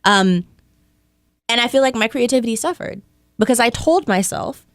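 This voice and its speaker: A young woman guest in a casual interview, telling stories in an animated, playful way with comic asides. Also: fairly high pitch, normal speed, dry recording, clean studio sound. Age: young adult. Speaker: podcast guest.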